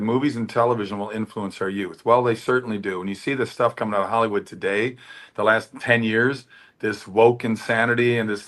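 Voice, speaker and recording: A middle-aged American man telling stories in a candid interview and acting out the dialogue in them. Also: medium pitch. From United States. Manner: animated storytelling, often acting out quoted dialogue. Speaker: actor and producer, interview guest.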